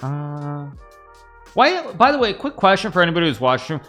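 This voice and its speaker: A man's voice: on the high side, sing-song, normal speed, a bit bright, faint music behind. A man in his thirties from the United States, live-streaming chess with rambling chatty commentary to his viewers. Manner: chatty, rambling, talks to chat while playing.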